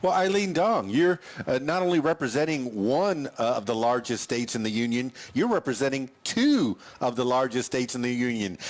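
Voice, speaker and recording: A man's voice: medium pitch, animated, moderate pace, hardly any pauses. A man from Florida hosting a podcast interview, rambling and hesitant with many restarts. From Miami, Florida. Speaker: podcast host.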